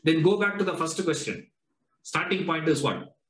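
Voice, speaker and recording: A man's voice: on the high side, lively intonation, normal speed, a bit bright. Rhetorical Indian-accented man lecturing. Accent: Indian English. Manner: questioning, rhetorical, drills students with "no?" and "huh?". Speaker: Vedanta teacher. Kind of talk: classroom lecture. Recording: echoey lecture room.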